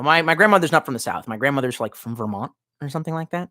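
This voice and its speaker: A man's voice: mid-range voice, lively intonation, very fast, few pauses, sharp tone. A man casually chatting on a livestream, reading viewers' comments aloud, rambling and swearing freely while sipping vodka. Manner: profane, rambling, tipsy with vodka. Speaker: streamer reading live chat.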